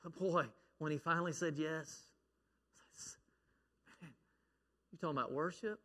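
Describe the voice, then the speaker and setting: A middle-aged male pastor preaching with homey stories, now and then shouting out the lines of the people in them. His voice sits a little high and rings bright and forceful. It echoes with the long reverb of a church hall. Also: steady tone, a little slow. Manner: storytelling, acts out a child's shouting prayer. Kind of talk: sermon.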